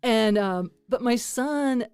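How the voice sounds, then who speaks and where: A woman's voice: on the high side, slow pace, a little mellow, smooth, no room sound, studio quality. A woman hosting a casual chat, talking in a rambling way with many restarts. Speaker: podcast host. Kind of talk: casual conversation.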